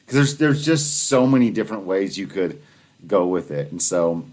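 A man co-hosting a casual sports talk show, analytical and animated, laughing easily. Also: sits low, normal speed. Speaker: podcast co-host.

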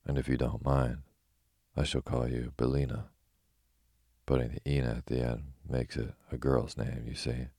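A man's voice: rumbling low, little pitch movement, normal speed, gravelly, mellow, slightly rough, dry recording, clean studio sound, exaggerated voice. A man voicing Dorothy, an earnest little girl. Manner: earnest and polite.

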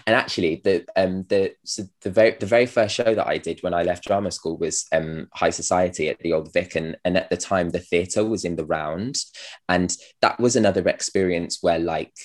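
A man's voice: deep voice, fairly even intonation, moderate pace. A man, an actor, chatting casually as a podcast guest, rambling with many fillers and restarts and laughing at his own stories. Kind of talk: casual interview chat.

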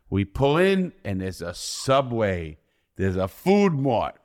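An American man in middle age, appearing as a guest on a podcast and once in prison, tells candid, blunt stories packed with constant swearing. He slides from loud outbursts to quiet, low asides, his pitch swinging widely, and he takes his time.

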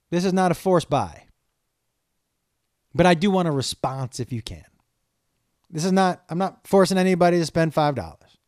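Middle-aged male podcast host, slightly high voice, loose, candid and profane, dry studio sound. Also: darkish tone, smooth, no room sound. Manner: candid, rambling, swears freely, pleading tone. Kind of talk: casual solo podcast talk.

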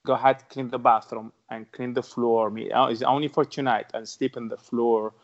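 Earnestly recounting his own story in an interview, this podcast guest speaks broken English with an Arabic accent and repeats phrases to stress them. He talks at a normal speed with a steady, medium-pitched voice, through dull lo-fi audio.

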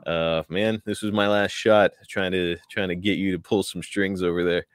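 A man's voice: deep voice, flat delivery, moderate pace. A man hosting a podcast, upbeat and laughing as he reads out listener questions. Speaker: podcast host. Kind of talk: casual podcast chat.

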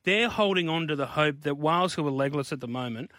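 A man co-hosting a casual sports chat, animated and jokey. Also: on the high side, fast, dry recording. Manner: animated, jokey, mimics people. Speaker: sports journalist and co-host.

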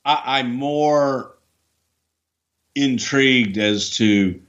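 A man's voice: mid-range voice, drawn-out words, fairly bright tone, lo-fi sound. An older man, co-host of a podcast, talking in a blunt, dry and teasing way in casual chat. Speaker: co-host, wrestling veteran.

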